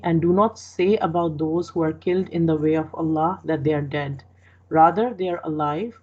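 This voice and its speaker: A woman teaching a verse-by-verse translation lesson, explaining slowly and repeating each phrase with small restarts. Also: deep voice, mellow, husky. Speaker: Quran teacher. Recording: dull lo-fi recording.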